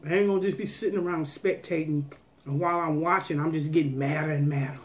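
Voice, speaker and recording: A woman's voice: sits low, fairly even intonation, fast. A woman food vlogger chatting casually to her viewers, folksy and preachy, giving them a pep talk.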